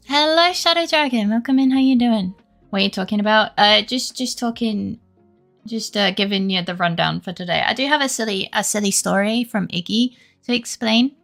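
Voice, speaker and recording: Young British woman streamer, slightly high and gravelly, casual rambling chat. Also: fairly bright tone. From Britain. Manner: rambling, greets chat often, many fillers and restarts. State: has a headache.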